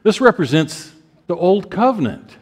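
Fifties male preacher, emotive delivery, voice lifts high at peaks, recorded in a reverberant hall. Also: very animated, moderate pace, breathy edge. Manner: emotive, rises to high pitch when stirred; acts out prayers of repentance. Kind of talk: sermon.

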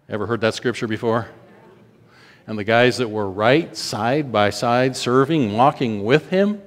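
A man preaching a sermon, reading scripture aloud with slow, drawn-out emphasis and lively swings in delivery. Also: lowish voice. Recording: long hall reverb.

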